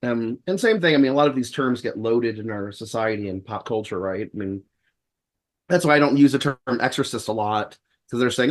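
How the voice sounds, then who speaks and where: A man's voice: medium pitch, animated, brisk. Wry storytelling man. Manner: wry, acts out quoted dialogue; rambling with frequent restarts. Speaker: podcast guest, exorcist. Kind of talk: casual storytelling in conversation.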